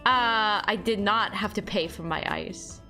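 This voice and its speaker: A woman's voice: mid-range voice, a little slow, bright, forceful tone, faint music behind. A young woman streaming, chatting casually with her viewers, rambling with lots of fillers and laughing as she goes. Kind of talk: casual chat reading chat aloud.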